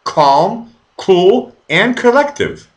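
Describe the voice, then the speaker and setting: A man's voice: sits high, very animated, drawn-out words. A man hosting a casual live-stream interview, hesitant and full of fillers, swearing casually. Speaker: host.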